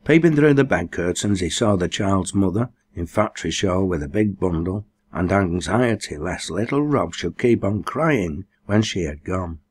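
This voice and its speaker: A man's voice: low-pitched, expressive, moderate pace, few pauses, breathy edge. A man reading a novel aloud as an audiobook, raising his voice for the dialect dialogue. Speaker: audiobook reader. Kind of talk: scripted narration.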